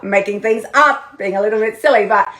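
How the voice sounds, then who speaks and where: A woman in her thirties, a weight-loss coach giving an animated, chatty pep talk on a live stream, laughing often and swearing lightly. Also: mid-range voice, a little fast. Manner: bubbly and animated, with frequent laughs and mild swearing. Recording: roomy echo.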